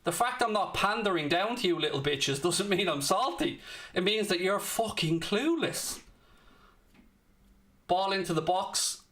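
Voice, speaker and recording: A man's voice: high-pitched, expressive, measured pace, a bit bright. A young man hosting a live football watchalong, commentating on the match and ranting and swearing back at his chat. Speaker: watchalong host.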